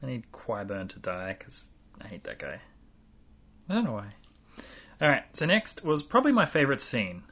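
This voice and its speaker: A man co-hosting a casual chat, animatedly recapping an episode and slipping into quick character impressions. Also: mid-range voice, wildly swooping pitch, bright, forceful tone. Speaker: podcast co-host.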